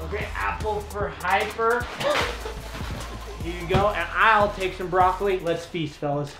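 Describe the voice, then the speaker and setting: A man's voice: sits high, unhurried. An upbeat young man shows off his tiny house, naming each item like a salesman. His voice bounces around an echoey little room while music plays underneath. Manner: upbeat, showing off items like a salesman. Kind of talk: casual chat, house tour. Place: indoors, small decorated hut.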